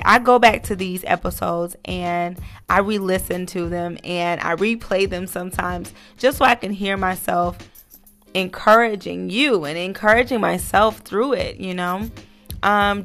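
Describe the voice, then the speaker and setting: A woman's voice: medium pitch, a bit bright. A woman hosting her own podcast, talking earnestly in a casual, encouraging monologue with lots of fillers. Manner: earnest, motivational, many fillers. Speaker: podcast host.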